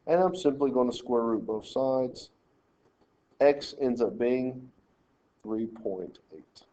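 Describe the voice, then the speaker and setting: A man's voice: mid-range voice, slow pace, warm tone, dull audio. A man teaching a math lesson, working through problems step by step and telling students how to lay out their work. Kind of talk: screen-recorded math lesson walkthrough.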